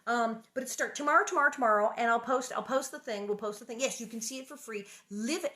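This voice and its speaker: A woman's voice: fairly high pitch, fast talker, sharp tone. A woman hosting a book reading, chatting casually and rambling between chapters, with frequent jokes and laughter. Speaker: host reading a children's book aloud.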